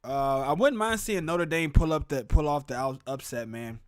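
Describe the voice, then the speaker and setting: A young man hosts a laid-back sports stream from his room. His voice sits a bit on the high side, and he rambles and chats with viewers while calling plays through a desk mic. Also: moderate pace. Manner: rambling, chatty, talks to viewers in chat. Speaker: sports show host. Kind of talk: casual live game reaction stream. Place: at home in a room with a closet.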